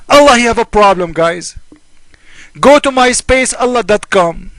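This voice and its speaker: A man's voice: very high voice, animated, normal speed, long pauses, fairly bright tone, no echo. A man delivering a polemical monologue as a religious critic, mocking and argumentative, firing off rhetorical questions.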